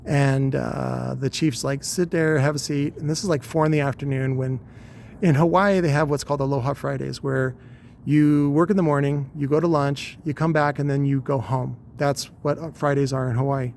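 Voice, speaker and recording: A man's voice: mid-range voice, fairly even intonation, normal speed, vocal fry, darkish tone, slight background noise. A man in his forties casually telling a long, rambling, profane story with wry humor. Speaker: podcast host.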